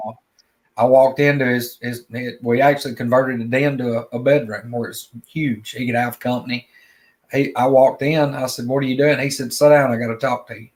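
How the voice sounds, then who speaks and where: Man, drawling, plainspoken storyteller, repeats his words, mid-pitched voice. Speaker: guest storyteller. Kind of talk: casual spoken storytelling.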